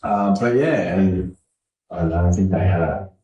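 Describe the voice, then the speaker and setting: Low-pitched guy chatting bluntly, lots of swearing, echoey room w/ a bit of hiss. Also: normal speed, warm tone. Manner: blunt, swears freely, acts out quoted family talk. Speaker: tattoo client. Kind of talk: casual chat. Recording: echoey room with faint noise.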